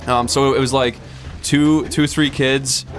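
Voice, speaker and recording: A man telling a story in casual gaming chat, deadpan, acting out the people in it. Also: mid-range voice, measured pace, faint music behind. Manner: deadpan storyteller, acts out quoted voices. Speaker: let's play co-host.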